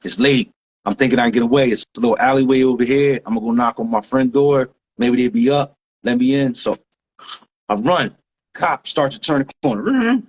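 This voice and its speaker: A man, a graffiti writer guest telling a story in lively street slang with sound effects. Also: medium pitch, a little fast. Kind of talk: animated storytelling.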